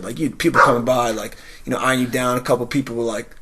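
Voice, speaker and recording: A man's voice: steady tone, fast, heavy background noise. A young man telling stories in a casual podcast chat, swearing freely and dropping to a mutter for asides. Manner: storytelling, swearing, drops to a low mutter for asides. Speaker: podcast co-host.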